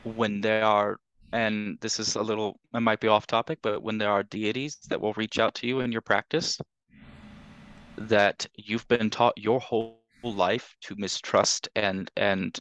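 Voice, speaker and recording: Podcast co-host, male, low voice, earnest and emotional, dry close-miked sound. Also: a bit bright, no room sound. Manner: earnest, emotional, urging listeners. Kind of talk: casual podcast conversation.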